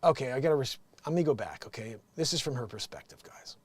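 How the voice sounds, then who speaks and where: A man from New Jersey hosting a show, chatting casually and rambling with many restarts and lively swings. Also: mid-range voice, quick pace, hardly any pauses, no echo. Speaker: show host. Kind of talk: casual commentary.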